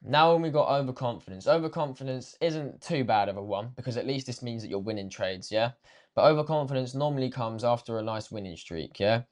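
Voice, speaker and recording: A man's voice: medium pitch, a little fast. A young man, a trading coach giving a blunt, swear-filled motivational rant and ending lines with "bruv" and "yeah".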